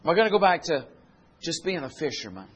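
High-voiced man preaching. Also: very animated, quick pace, husky. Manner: builds from low storytelling to loud, climbing exhortation; retells scripture in plain folksy speech. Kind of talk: sermon.

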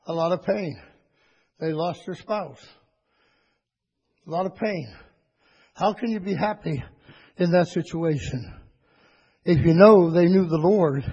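A man preaching a sermon to his church, rising into high, excited bursts and calling for amens. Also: a little slow, pauses often, husky. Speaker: pastor. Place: church sanctuary. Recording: dull lo-fi church recording with long reverb.

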